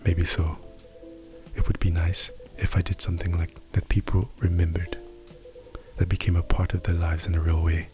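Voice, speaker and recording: A man's voice: sits low, completely flat delivery, moderate pace, music in the background, close to an everyday voice. A man voicing a vain, world-weary male vampire in a whispered role-play, with a put-on European-style accent.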